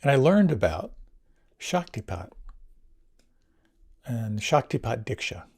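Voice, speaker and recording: An older man, a meditation teacher, recounting his experiences in a reflective storytelling talk, swinging between near whispers and lively bursts. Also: medium pitch, takes it slowly, breathy edge. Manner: animated, drops to near whispers and rises again.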